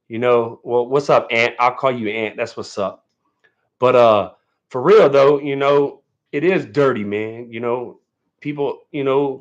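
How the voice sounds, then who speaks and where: A man's voice: mid-range voice, muffled recording. A man hosting his first livestream in a casual, rambling way, full of fillers and a little nervous. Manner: laid-back, rambling, lots of fillers and "man". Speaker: livestream host.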